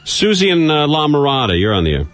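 A man hosting a call-in radio talk show, taking callers briskly and trading dry wisecracks. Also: a little high, very animated, a bit bright. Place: radio studio. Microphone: studio microphone.

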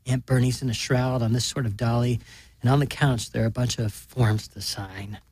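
A man reads a short story in a flat, deadpan delivery. His voice is husky, and the recording is dry and close, with no room around it. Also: medium pitch, moderate pace, no room sound. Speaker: narrator.

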